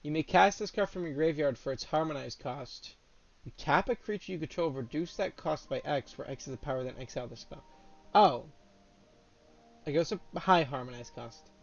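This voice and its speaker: A young man in casual chat, reading out new trading card spoilers and reacting with loud, swearing excitement. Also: a little high, moderate pace, vocal fry, lo-fi sound. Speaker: card game content creator.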